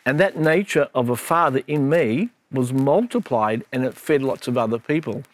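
A man's voice: mid-range voice, animated, normal speed, no echo. A middle-aged man, a minister, in an earnest and reflective Bible discussion with his daughter, telling stories as he goes.

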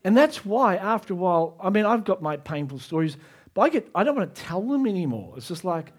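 A man preaching a sermon as pastor, moving between soft, low asides and raised, emphatic climaxes. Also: very animated, a little fast.

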